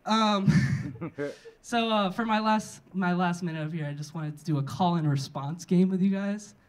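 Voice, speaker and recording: A young man doing a stand-up set and hosting, deadpan and self-mocking, then speeding into animated rants. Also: high-pitched, moderate pace, clear, resonant tone. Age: young adult. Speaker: stand-up comic and host. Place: comedy club stage. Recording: live room with crowd laughter.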